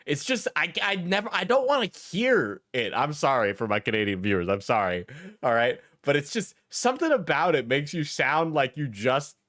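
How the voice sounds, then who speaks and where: A man's voice: a little high, very animated, moderate pace, fairly bright tone, no echo, studio quality. A young man streaming a reaction video, laughing often, swearing and repeating himself as he gives blunt opinions. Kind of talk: casual reaction commentary.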